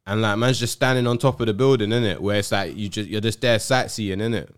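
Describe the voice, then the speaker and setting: A young man talks in an easy, slangy way as a podcast host. His voice sits low and comes through clean and smooth. The sound is dry and close, with little room around it. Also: fast, no room sound. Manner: London slang, laid-back storytelling. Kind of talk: casual chat.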